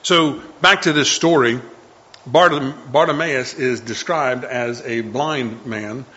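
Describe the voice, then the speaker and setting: Earnest man preaching, bright voice. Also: mid-range voice, slow pace, highs cut off. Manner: earnest, conversational, often restarts and repeats lines. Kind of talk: sermon.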